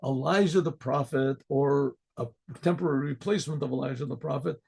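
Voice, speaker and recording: Gravelly rabbi telling a folk story. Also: male voice, medium pitch, a little fast, darkish tone. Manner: rambling, frequent throat clearing and restarts. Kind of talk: oral storytelling.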